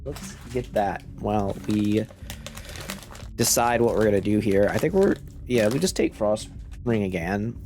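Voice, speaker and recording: A man casually commenting on his gameplay, musing aloud in a low-key way while nursing a sore throat and sucking on a cough drop. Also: a little slow, darkish tone, faint music behind. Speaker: gaming channel host. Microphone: cough drop in mouth.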